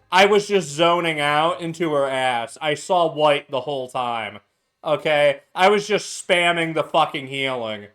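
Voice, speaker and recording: A young streamer making cocktails at his home bar chats casually, tipsy, loose and profane, laughing a lot. His voice is a little high with a fairly bright tone.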